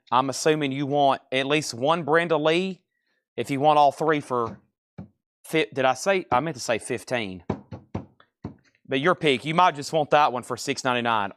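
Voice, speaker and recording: A man's voice: mid-range voice, a bit bright, no room sound, studio quality. A man hosting a live record sale, chatting casually and thinking aloud as he sorts and prices albums. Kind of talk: casual live sales patter.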